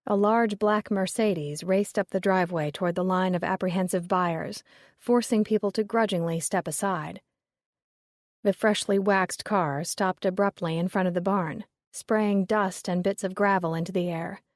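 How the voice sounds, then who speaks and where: A woman reading a story aloud as narrator in steady, measured narration. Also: mid-range voice, dry recording, clean studio sound. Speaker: audiobook narrator. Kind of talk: scripted narration.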